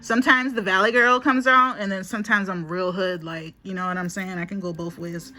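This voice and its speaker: A woman's voice: mid-range voice, steady tone, a little fast, pushed and bright. A woman giving a casual spiritual reading to a phone, chatty and emphatic, repeating herself and calling viewers honey. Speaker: spiritual reader.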